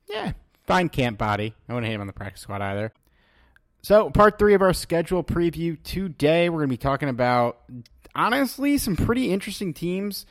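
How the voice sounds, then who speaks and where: A man's voice: fairly high pitch, normal speed, dry recording. Man, podcast host, casual chat, dry close sound. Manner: relaxed, reads tweets aloud to his co-host.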